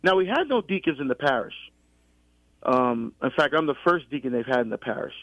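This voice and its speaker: A middle-aged deacon from the US East Coast in a conversational faith talk, telling his story with many restarts and animated quoted exchanges. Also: medium pitch, fairly quick, no room sound. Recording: dull lo-fi sound.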